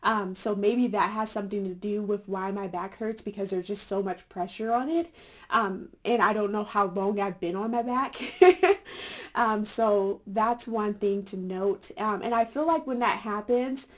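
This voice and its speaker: A young adult woman chatting casually to her viewers, filling pauses with "um" and "like" and laughing often. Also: medium pitch. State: a little winded. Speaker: vlogger. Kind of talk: casual chat to camera.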